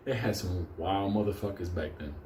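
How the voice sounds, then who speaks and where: A man telling a profane comic story, animated and often laughing. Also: deep voice, moderate pace, a little hiss or hum. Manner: animated, laughing, heavy swearing. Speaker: show host telling a story. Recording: echoey room with faint ambience.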